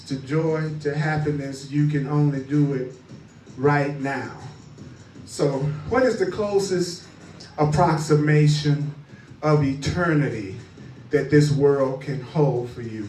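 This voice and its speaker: A man's voice: on the high side, darkish tone, reverberant, distant mic, slight background noise, poor audio. A man teaching spirituality in a rhythmic, repetitive, call-and-response cadence.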